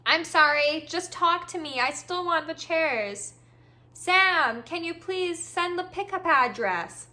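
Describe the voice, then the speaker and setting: A woman voicing a pushy female buyer who poses as a frail senior, pleading and insistent, in a high bright voice. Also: expressive, slow pace, heavily acted.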